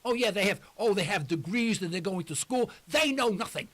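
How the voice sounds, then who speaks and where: A man's voice: sits high, animated, brisk, fairly bright tone. A man in his sixties hosting a talk radio show from the studio, speaking in a rambling, emphatic monologue. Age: 60s.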